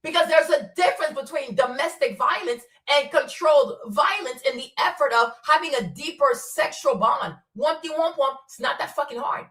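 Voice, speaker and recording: A woman's voice: high voice, bright, forceful tone, roomy sound, recorded from a distance. A woman hosting a casual commentary stream, blunt and profane, laughing often as she rants. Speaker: commentary host.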